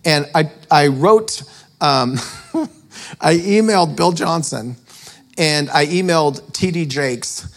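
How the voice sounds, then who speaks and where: A man's voice: on the high side, takes it slowly, gravelly, fairly bright tone. A man preaching a storytelling sermon, chatty and self-mocking, often laughing at his own story. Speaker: preacher and author.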